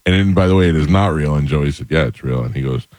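Middle-aged guy, very low voice, dry close studio sound, animated storyteller. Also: quick pace, dry recording. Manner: animated storyteller, acts out quotes. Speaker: radio show host. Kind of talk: casual storytelling chat.

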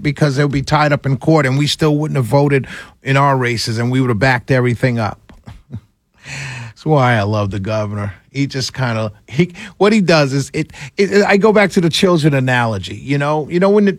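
A man's voice: fairly high pitch, dry recording, studio quality. A man hosting a political talk show, giving opinionated, mocking commentary with frequent laughs. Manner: opinionated, mocking, laughs a lot, does whiny voices.

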